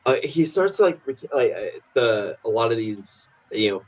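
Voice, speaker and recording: A man co-hosting a podcast stream, casually retelling cartoon scenes with lots of fillers and sudden high goofy voices for quotes. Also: big pitch swings, a little slow. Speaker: podcast co-host. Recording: dull lo-fi stream audio.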